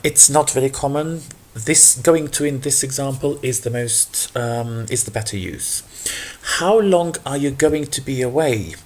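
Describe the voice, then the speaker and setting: A man explaining English grammar in an unscripted lesson, patient and full of ums, switching to a livelier voice for example sentences. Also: mid-range voice. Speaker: English teacher.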